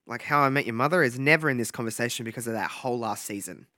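A man's voice: mid-range voice, sharp tone. A man co-hosting a casual podcast chat, talking emphatically and reacting a lot. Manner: emphatic, quick to laugh and react. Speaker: podcast co-host.

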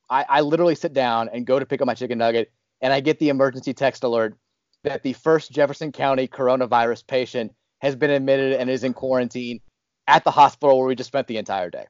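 A podcast host telling a personal story in a casual, animated, rambling way. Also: male voice, medium pitch, no echo, muffled recording. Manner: animated, rambling, restarts often.

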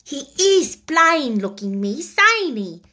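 A woman reading aloud, voicing a timid, plain-spoken young servant girl who talks in a hushed, deferential way. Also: high voice, sing-song, takes it slowly, pitched above the performer's own voice, full character voice.

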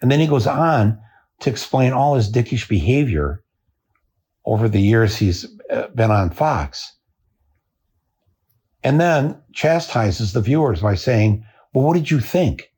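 A man hosting a podcast, delivering a satirical comic monologue in a dry, deadpan way. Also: medium pitch, slow, pauses often, husky. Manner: dry, deadpan telling with chuckles. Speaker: podcast host.

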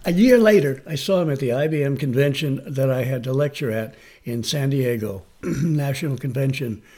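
A man's voice: medium pitch, moderate pace. A man coaching magicians, telling an anecdote in an interview and acting out the quoted voices. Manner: animated, acts out quoted voices. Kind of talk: storytelling in an interview.

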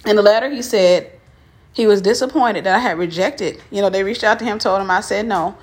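Husky-voiced woman telling a story. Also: mid-range voice, fairly quick. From Mississippi. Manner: candid, frank, addresses listeners directly; walking up stairs while talking. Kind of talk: casual personal storytelling.

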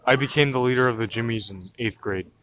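A man's voice: medium pitch, fast talker, fairly bright tone. An American man with a mid-range voice rambles through stories and complaints. He swears freely and restarts his sentences a lot, in loose talk between friends. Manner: rambling, profane storytelling. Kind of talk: casual gaming chat.

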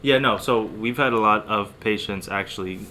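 A man's voice: fairly low pitch, moderate pace, bright, forceful tone, a little hiss or hum. A man co-hosting a podcast in casual chat, chiming in with teasing jokes. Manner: teasing, joking interjections. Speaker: podcast co-host.

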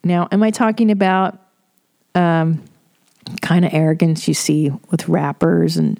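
A woman's voice: lowish voice, unhurried, vocal fry, mellow. A middle-aged woman hosting a podcast, talking in a candid, rambling way and swearing freely. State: tearful. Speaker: podcast host. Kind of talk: casual monologue.

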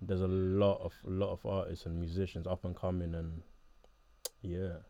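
A young man from southeast London with a South London accent, chatting casually in an interview, laid-back and quick to laugh. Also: low voice, level tone, gravelly, warm tone, no room sound, muffled recording. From Botswana, raised in southeast London.

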